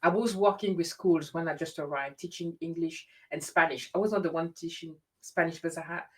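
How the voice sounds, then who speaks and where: A woman hosting a casual conversation, telling stories in an animated way and often restarting her sentences. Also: fairly low pitch, brisk. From grew up in France. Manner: animated storyteller with frequent restarts. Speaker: host. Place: lives in the UK.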